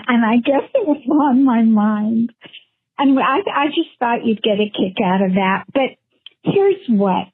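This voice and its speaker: A woman's voice: fairly high pitch, husky, no room sound. A woman caller leaving a heartfelt, chatty voicemail. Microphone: phone. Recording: tinny phone line voicemail.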